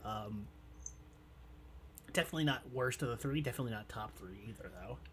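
A man's voice: medium pitch, lively intonation, a little fast, fairly bright tone, slight background noise. A man co-hosting a casual podcast, blunt and swearing, hedging his opinions. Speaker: podcast co-host. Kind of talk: casual chat.

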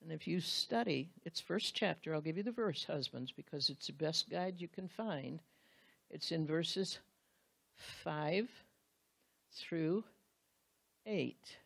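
A woman's voice: deep voice, expressive, slow pace, creaky, pauses often, breathy edge, dry recording. A woman Bible teacher giving a sermon, speaking earnestly and straight to the husbands in the room, acting out the quotes she reads.

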